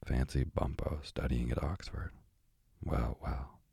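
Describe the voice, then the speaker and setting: A man voicing a kindly, absent-minded male doctor in a storybook, speaking politely and mildly in a very deep, gravelly voice. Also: level tone, normal speed, warm tone, no room sound, clean studio sound, full character voice.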